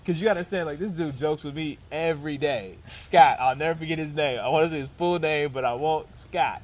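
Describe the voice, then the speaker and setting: A young man casually telling a long personal story, animated and often laughing as he goes. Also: a little high, fairly quick. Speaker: storyteller guest.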